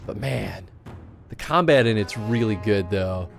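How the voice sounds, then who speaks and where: Chatty man streaming, lively pitch. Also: unhurried, creaky, faint music behind. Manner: rambling, with restarts and laughter. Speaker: livestream host. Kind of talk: casual chat while streaming a game.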